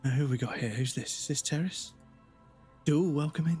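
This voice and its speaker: Chatty streamer, swearing freely. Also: male voice, a little high, fairly quick, darkish tone, faint music behind. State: slightly rough, dry throat. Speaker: live streamer. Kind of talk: casual stream chat.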